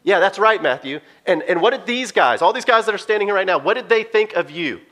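A preacher voicing Jesus, gentle and patient. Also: male voice, high voice, expressive, fast talker. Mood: friendly. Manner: gentle, conversational. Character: Jesus, calm patient teacher among friends.

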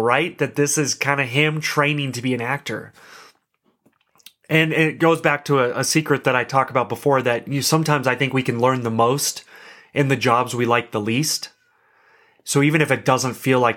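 A man's voice: medium pitch, moderate pace, a bit bright. A young adult man hosting a podcast, telling a story in a chatty, self-deprecating way and laughing now and then. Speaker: podcast host. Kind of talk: casual storytelling monologue.

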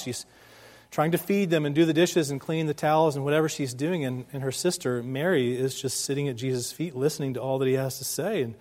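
A man's voice: fairly high pitch, darkish tone. A man preaching a sermon to his congregation in a conversational way, often asking them questions. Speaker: pastor.

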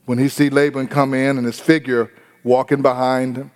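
A man's voice: mid-range voice, flat delivery, moderate pace. A male pastor delivering a sermon, retelling a story and questioning the congregation directly. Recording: echoey hall reverb.

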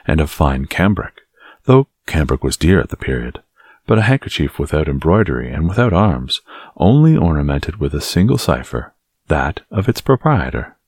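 Brief: deep-voiced man narrating a classic adventure novel, animated reading. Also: slightly rough, dry recording, clean studio sound. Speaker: audiobook narrator. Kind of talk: scripted narration.

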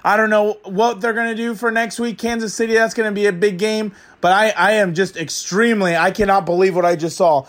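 A man's voice: high voice, fairly even intonation, a little fast, few pauses, fairly bright tone. A man voicing a fired-up young male football fan who rants crudely in a comic character monologue. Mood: fuming. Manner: ranting, exasperated, crude.

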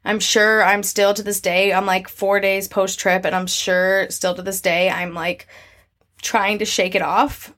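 A woman's voice: mid-range voice, level tone, a little slow, a bit bright. A woman vlogger talking casually and reflectively about her feelings, with lots of fillers and restarts. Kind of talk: casual personal talk to camera.

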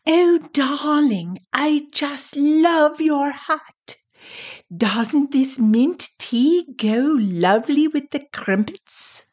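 A woman voicing a gushing, posh English lady at a tea party, in a put-on British accent, slow and high. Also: expressive, darkish tone, heavily acted.

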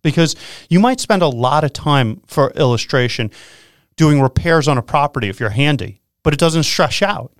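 A man hosting a real estate radio show, talking in an energetic, animated way and laughing easily. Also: fairly high pitch, normal speed, dry recording, studio quality. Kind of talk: excited casual radio talk.

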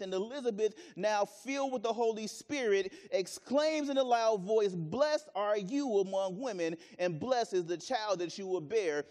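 A man's voice: sits high, a little mellow, in a large hall. A man preaching a sermon, earnest and repeating phrases for emphasis.

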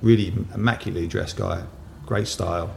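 A man who co-founded a tailoring business, telling an anecdote in an animated, casual storytelling manner during an interview. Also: low-pitched, brisk, gravelly, a little hiss or hum.

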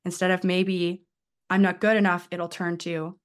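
A woman's voice: fairly low pitch, level tone, normal speed, clear, resonant tone. A woman life coach speaking as an interview guest, explaining her approach and acting out the inner voices of her clients.

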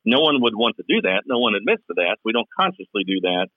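A Kentucky man with a Southern drawl co-hosts a casual podcast, thoughtfully talking through his views at length. His lowish voice is very animated and quick, on a dry recording that sounds like a tinny phone line.

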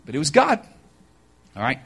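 A man preaching a sermon, telling a story with animated energy, joking asides, and direct appeals to his listeners. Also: on the high side, moderate pace, creaky, slightly rough. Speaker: pastor.

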